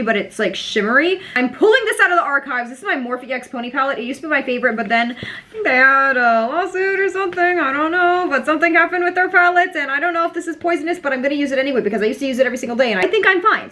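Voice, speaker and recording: A woman's voice: fairly high pitch, bright, forceful tone. A woman in her twenties chatting through a makeup tutorial, bubbly and self-mocking with lots of fillers. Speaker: beauty vlogger.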